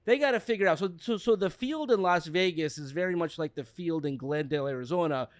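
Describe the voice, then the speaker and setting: A man appearing as a guest, a sports journalist talking in a relaxed, chatty way. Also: a little high, a little fast. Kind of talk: casual chat.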